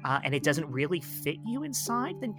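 A man playing a calm, soothing therapist in an improvised comedy podcast. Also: fairly high pitch, fairly quick, over music.

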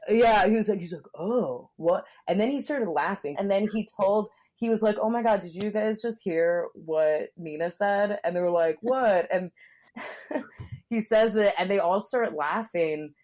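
A woman's voice: mid-range voice, a little slow, a little mellow. A young woman chatting casually and frankly, with lots of fillers, acting out what people said. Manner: candid and frank, many fillers, acts out quotes. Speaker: guest telling a story. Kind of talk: casual chat.

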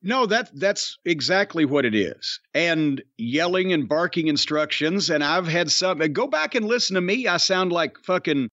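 A man's voice: fairly high pitch, lively intonation, moderate pace, hardly any pauses, bright, forceful tone, dry recording. An older man hosting a podcast, rambling and swearing freely in casual chat. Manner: profane, rambling, does mocking voice impressions. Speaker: podcast host. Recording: dull dry lo-fi sound.

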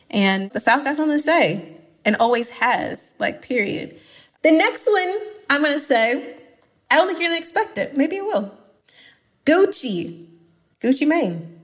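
A woman from Atlanta with an American accent, a podcast guest talking casually in an emphatic, animated way with playful exaggeration. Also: fairly high pitch. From Atlanta, USA. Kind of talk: casual conversation.

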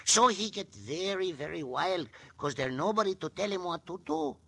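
A giggly Mexican-accented sidekick. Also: male voice, high-pitched, very animated, normal speed, gravelly, sharp tone, husky, full character voice. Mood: storytelling. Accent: Mexican Spanish. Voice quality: broken English, speaks of himself by name, giggly. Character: jolly clumsy Mexican sidekick, middle-aged man. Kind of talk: 1950s radio western acting. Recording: hissy old radio transcription.

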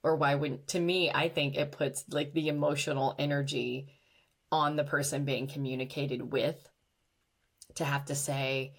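A woman's voice: low-pitched, level tone, measured pace, husky. A woman hosting a podcast, talking candidly and reflectively about her own life and sometimes laughing at herself. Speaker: podcast host. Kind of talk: personal monologue podcast.

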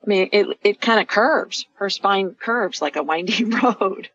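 A woman's voice: mid-range voice, unhurried, fairly bright tone, slightly rough, dry recording, highs cut off. A woman hosting a live call-in radio show. She talks soothingly and explains each step as she goes. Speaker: radio show host and energy healer.

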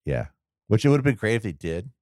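A man's voice: lowish voice, sing-song, fast talker, darkish tone, no echo, studio quality. A man co-hosting a podcast, chatting casually about a movie, rambling and restarting his thoughts. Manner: rambling, restarts mid-thought, laughs often. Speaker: podcast co-host.

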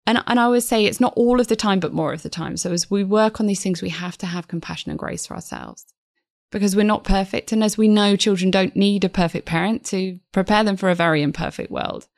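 A woman's voice: medium pitch, brisk, gravelly, no room sound, studio quality. A woman in her thirties, speaking earnestly and reflectively as a podcast guest. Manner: earnest, reflective, acts out inner voices. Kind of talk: conversational interview.

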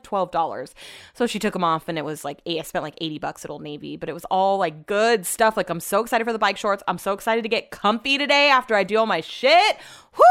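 A young woman casually telling stories to her viewers at home, animated and sprinkled with swearing and "like". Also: mid-range voice. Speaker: vlogger. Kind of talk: casual chatty storytelling.

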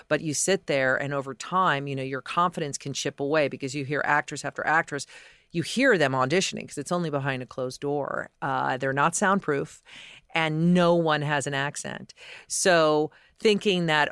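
Smooth, crisp-voiced man hosting a podcast. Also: mid-range voice, steady tone, moderate pace, fairly bright tone, no room sound, clean studio sound. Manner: enthusiastic, conversational. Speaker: podcast host. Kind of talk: scripted podcast commentary.

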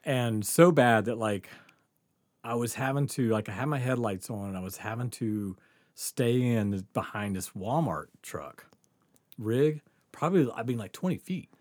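A man's voice: mid-range voice, measured pace, dry recording, studio quality. A man telling a casual story on a podcast, full of fillers, swearing and laughter. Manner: animated, laughs often, lots of fillers and swearing.

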